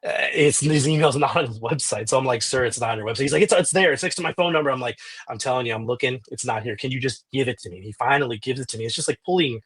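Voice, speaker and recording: Husky guy on a podcast recounting a story, lots of restarts, acts out the dialogue. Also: mid-range voice, very fast, hardly any pauses. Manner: animated retelling with frequent restarts and quoted dialogue. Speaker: podcast guest, journalist.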